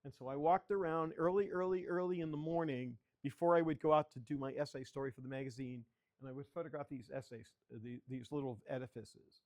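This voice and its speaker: In a children's library area, an older photographer, there as a guest speaker, guides a club through a slideshow of his work, chatting and telling stories as he asks for each next slide. His voice is medium-pitched, brisk and darkish, with fairly even intonation.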